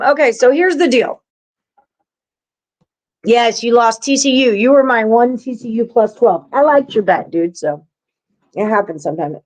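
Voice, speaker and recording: A woman's voice: mid-range voice, darkish tone, poor audio. A woman hosting a live sports-betting stream, chatting loosely with viewers and co-hosts. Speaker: sports betting show host. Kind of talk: casual live-stream chat.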